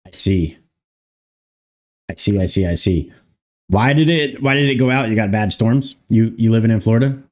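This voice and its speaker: Streamer: man, somewhat low voice, mutters and swears while debugging live. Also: normal speed, long pauses, a little mellow. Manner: thinking aloud, muttering, swears casually. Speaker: streamer coding a game mod. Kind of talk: casual livestream chat while coding.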